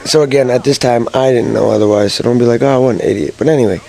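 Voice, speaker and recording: Gravelly young man telling a rambling story. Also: medium pitch, quick pace, rough recording. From Massachusetts, USA. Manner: rambling, lots of fillers and chuckles, excitable. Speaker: gaming channel storyteller.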